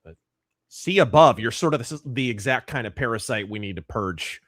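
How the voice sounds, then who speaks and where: A man ranting sardonically on a podcast, leaning hard on his emphatic lines. His voice sits at an ordinary middle pitch. The sound is dry and close to the mic. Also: lively intonation, normal speed, a bit bright, dry recording. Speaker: podcast guest, YouTube games commentator.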